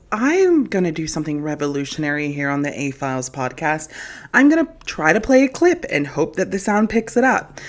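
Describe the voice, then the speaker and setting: A woman with a low voice hosts a solo commentary podcast. Her pitch swoops and jumps with every point she makes, and she sounds sassy and incredulous, talking straight to her listeners. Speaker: podcast host.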